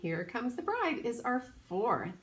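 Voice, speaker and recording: A woman teaching a children's piano lesson, patient and clear, now and then singing solfege syllables. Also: fairly high pitch, very animated, a little slow. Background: piano playing.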